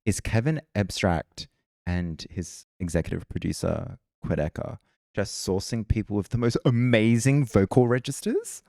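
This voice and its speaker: A very deep-voiced man with an Australian accent chats casually as a podcast co-host. He rambles into side stories and laughs easily. The recording is dry and close, with no room sound. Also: moderate pace, creaky, darkish tone, no echo. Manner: rambling, chatty storyteller who laughs often. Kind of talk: casual music reaction chat.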